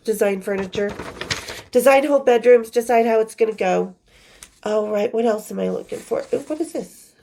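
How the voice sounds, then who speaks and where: A woman's voice: a little high, normal speed, gravelly, mellow, a little hiss or hum. A woman hosting her own show, reading from her old journals in a candid, profane, casual storytelling manner with laughing asides. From western United States.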